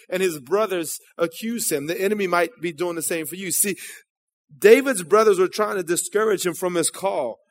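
A man preaching a sermon in a church, casual and conversational, calling out to the congregation. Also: sits high.

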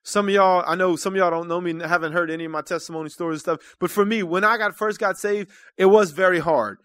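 A man preaching a sermon to his congregation. His delivery is earnest and conversational, and it swells into loud calls to the room. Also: high-pitched, fairly even intonation, fast talker, no room sound. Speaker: church minister.

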